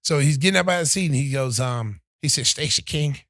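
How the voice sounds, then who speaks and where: Animated storytelling man, dry close sound. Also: medium pitch, quick pace, dry recording. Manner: animated storyteller, acts out quotes of others. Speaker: podcast host. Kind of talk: casual storytelling chat.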